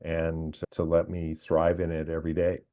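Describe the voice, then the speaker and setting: A man who works as a coach, speaking in a measured, thoughtful way as a podcast guest. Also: a bass voice, completely flat delivery, dark tone. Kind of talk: reflective casual chat. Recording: dull lo-fi audio.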